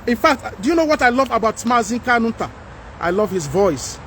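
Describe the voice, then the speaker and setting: A man with a Nigerian accent hosting a livestream, talking to viewers and reading their comments in an animated, pleading way. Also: very high voice, fairly quick, a little hiss or hum. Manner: animated, pleading, mixes in Pidgin. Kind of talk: casual livestream talk.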